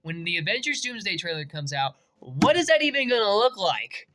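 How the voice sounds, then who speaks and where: An excitable young man talks through movie casting news in a casual vlog. His voice swings widely in pitch, and he curses freely and bursts into shouts of disbelief, then settles back into musing. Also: brisk. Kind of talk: casual reaction commentary.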